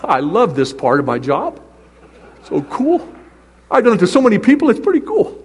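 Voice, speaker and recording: Animated high-voiced male preacher. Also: moderate pace, husky. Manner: animated, acts out voices and scripture readings. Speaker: pastor. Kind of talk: sermon. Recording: long reverb of a large hall.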